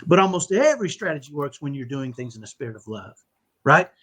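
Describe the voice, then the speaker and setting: Animated husky man telling a story. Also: fairly high pitch, fast talker. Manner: animated, repeats "right?" often. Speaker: podcast guest, autism dad. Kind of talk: conversational storytelling.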